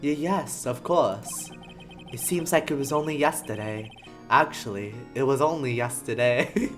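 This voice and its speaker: A streamer putting on a soft, sleepy drawl. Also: mid-range voice, unhurried, soft background music, close to an everyday voice. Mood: earnest. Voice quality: soft sleepy drawl, loosely New Yorker. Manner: meek, apologetic. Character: gentle soft-spoken man, shy studio actor.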